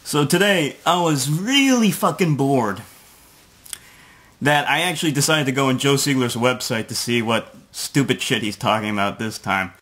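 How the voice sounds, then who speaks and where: A man's voice: medium pitch, moderate pace, a bit bright. A man ranting sarcastically as a video blogger, swearing often and mocking what he reads. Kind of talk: profane ranting commentary.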